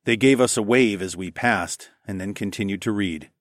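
A man narrating a first-person story in a relaxed, expressive audiobook reading. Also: lowish voice, moderate pace, no room sound, clean studio sound.

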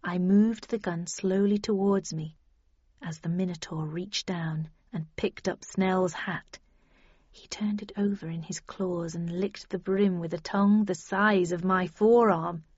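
A woman giving a steady scripted audiobook narration in the first person. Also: fairly low pitch, a little slow, slightly rough, no room sound. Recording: dull lo-fi dry recording.

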